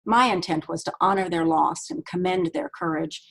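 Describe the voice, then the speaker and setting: A woman author reading aloud from her own novel in a steady, measured way. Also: fairly low pitch, low-quality recording.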